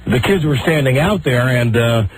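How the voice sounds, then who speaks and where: A man's voice: mid-range voice, lively intonation, moderate pace, noisy background. A man hosting a talk radio show, telling an exasperated story and acting out the people in it.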